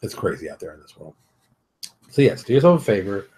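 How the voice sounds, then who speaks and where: A middle-aged man hosting a show, giving blunt, animated advice in a casual monologue. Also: on the low side, fairly quick. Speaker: show host.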